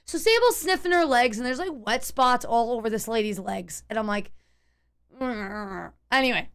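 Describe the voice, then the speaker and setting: A woman streamer telling her chat a tense story in a casual, animated way, full of restarts and fillers. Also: on the high side, moderate pace, clean tone.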